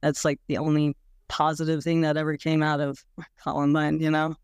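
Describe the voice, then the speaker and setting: Woman, interviewee, candid, casual, blunt, smooth clear voice, dry close sound. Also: sits low, monotone, moderate pace, a little mellow, no room sound. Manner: frank, casual, many "like"s, swears bluntly. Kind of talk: candid personal recollection.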